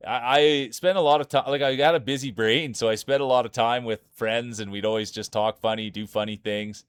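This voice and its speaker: A man's voice: medium pitch, fairly even intonation, fairly quick, clear, resonant tone, dry recording, clean studio sound. A man from Saskatchewan with a thick Saskatchewan Canadian accent, giving playful, hype-man commentary on a live-streamed marble race.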